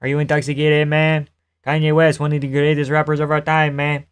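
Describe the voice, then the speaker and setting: A man putting on a Quebec French accent to play an excitable French-Canadian fighter who fires off incredulous rhetorical questions that end in "man". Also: on the high side, fairly quick, clean tone, lightly acted.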